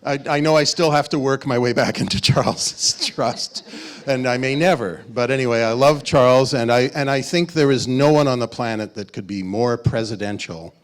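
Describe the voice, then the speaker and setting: Director guy spinning funny stories on a panel, animated, laughs a lot. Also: medium pitch, normal speed, few pauses. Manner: animated, laughing anecdotal storytelling. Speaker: film co-writer and director. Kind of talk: casual panel talk. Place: festival panel stage.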